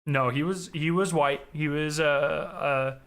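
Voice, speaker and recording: Bright-toned man streaming. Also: fairly high pitch, fairly even intonation, unhurried. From Southern United States. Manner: rambling, profane, talks straight to chat. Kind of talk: casual live-stream chat.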